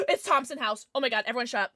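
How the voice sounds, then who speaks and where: A young woman streaming a game, chatting with viewers casually, jumpy and excitable, swearing and shrieking when scared. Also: sits high, fast, slight background noise. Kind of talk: casual gaming livestream chat.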